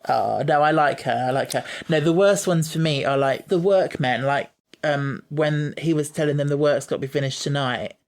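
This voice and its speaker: A man co-hosting a podcast in casual chat, eager and quick to laugh. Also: on the high side. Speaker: podcast co-host.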